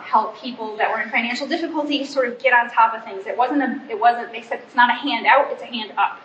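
A woman's voice: on the high side, pushed and bright, a little hiss or hum. A woman in her forties, a pastor's wife, giving a chatty, self-deprecating church talk and acting out bits of family dialogue. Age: 40s. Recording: roomy, slightly muffled hall recording.

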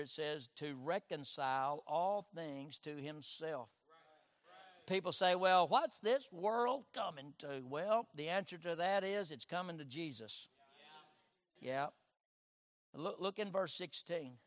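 High-voiced preaching man, dry sound. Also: no echo. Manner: preaching with call-and-response amens, swinging from loud to hushed. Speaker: pastor. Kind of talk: sermon.

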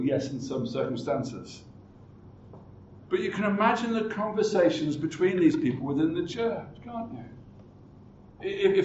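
High-voiced preacher in an echoey hall. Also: male voice, darkish tone, slight background noise. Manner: acts out quoted voices, repeats words when restarting. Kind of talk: sermon. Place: church hall. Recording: roomy hall, distant mic, dull sound.

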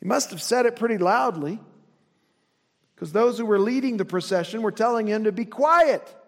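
High-pitched guy preaching slow and earnest, goes all hushed sometimes, big echoey church. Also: animated. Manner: earnest, dropping to a soft hush for emphasis. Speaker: pastor. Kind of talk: sermon. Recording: long reverb of a large hall.

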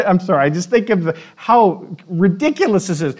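A man preaching a sermon, telling the story in a lively, playful way and acting out the quotes. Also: high voice, normal speed. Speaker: pastor.

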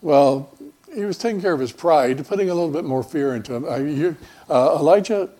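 A man's voice: fairly high pitch, fairly quick, dark tone. A man pastor preaching a conversational sermon in a folksy, rambling way, with many fillers and restarts.

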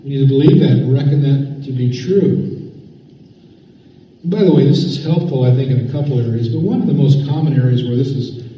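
A man's voice: medium pitch, brisk, dark tone. A man preaching a sermon, asking the listeners rhetorical questions and repeating key phrases. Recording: echoey hall, voice from far off.

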